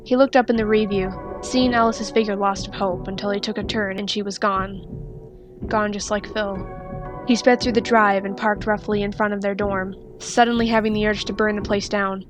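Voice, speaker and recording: A woman reading a fan fiction story aloud with steady, expressive narration. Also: medium pitch, normal speed, music in the background.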